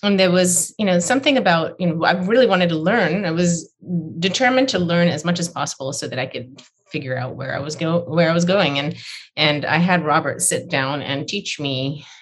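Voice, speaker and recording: A woman poet with a low voice speaks at a moderate pace in conversation. She tells reflective, digressive stories about learning her craft, often restarting her phrases.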